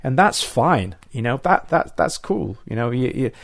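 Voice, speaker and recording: A man's voice: medium pitch, big pitch swings, moderate pace, gravelly, dry recording, clean studio sound. A man hosting a podcast, upbeat and encouraging as he chats with his guest and wraps up the show. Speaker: podcast host. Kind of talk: casual chat.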